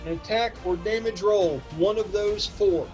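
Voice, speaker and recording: A man with a high voice narrates a tabletop game as its game master. He talks in an animated way, counting out ranges and firing off quick asides to his players, with faint music under him. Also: low-quality recording.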